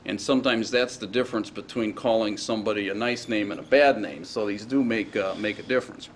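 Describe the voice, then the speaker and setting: A man teaching a class in a casual, halting way, often checking in with his students. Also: on the low side, a little hiss or hum. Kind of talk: classroom lecture.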